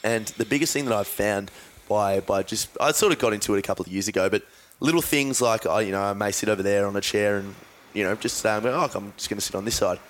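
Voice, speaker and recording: Man, Australian accent, podcast co-host, relaxed, rambling, frequent fillers, lowish voice. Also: fast talker. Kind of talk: casual podcast chat.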